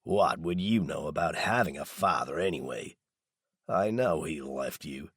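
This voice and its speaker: A male narrator voicing a stocky, bullying middle-aged stepfather who shouts with snarling contempt. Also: a bass voice, lively intonation, unhurried, husky, no room sound, studio quality, voice pushed down, heavily acted. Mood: furious.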